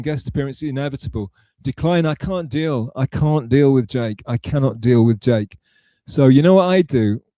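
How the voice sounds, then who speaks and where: A man's voice: mid-range voice, warm tone, dry recording. A man hosting a live stream, chatting casually and rambling as he answers messages from his chat aloud. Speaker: livestream host reading chat.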